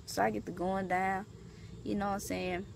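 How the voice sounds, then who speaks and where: A young woman telling a story in a casual vlog, animated and profane, leaping up in pitch for emphasis. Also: normal speed, creaky, slight background noise. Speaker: vlogger.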